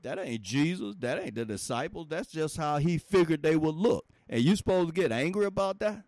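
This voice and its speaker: A man preaching an informal sermon in a folksy, animated way, laughing often and talking straight to his listeners. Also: on the high side, brisk, no echo.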